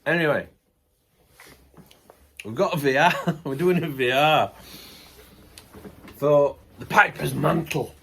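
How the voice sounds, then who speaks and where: A man's voice: a little high, slow, creaky, pauses often, a bit bright, breathy edge. A middle-aged man, chatting casually to camera, ranting bluntly, then laughing it off with good humour. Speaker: vlogger.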